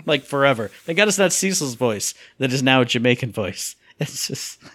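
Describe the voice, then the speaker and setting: A man's voice: mid-range voice, moderate pace, no room sound, clean studio sound. A man co-hosting a podcast, chatting casually about video games and acting out sound effects. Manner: animated, acts out sound effects and voices. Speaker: podcast co-host.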